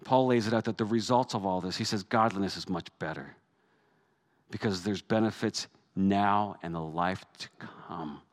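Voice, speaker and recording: A middle-aged man with a fairly low voice delivers a sermon as pastor. His preaching stays conversational and relaxed, then climbs to emphatic, raised peaks. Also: normal speed.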